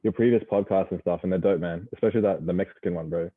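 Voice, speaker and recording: A man's voice: low-pitched, quick pace, no room sound. A man, a guest chatting casually over a video call with lots of slang and fillers. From Australia. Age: 20s. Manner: relaxed, filler-heavy slang talk. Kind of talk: casual podcast chat. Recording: tinny phone-like call audio.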